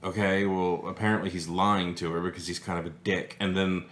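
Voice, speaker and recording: A man's voice: low voice, flat delivery, brisk, fairly bright tone, reverberant. A man co-hosting a casual chat show, joking and acting out quotes in silly voices. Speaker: podcast co-host.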